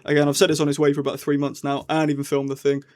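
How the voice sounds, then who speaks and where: A man's voice: on the high side, completely flat delivery, very fast, a little mellow. A young man rambling cheekily in a casual vlog, slangy and mock-defiant. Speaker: vlogger.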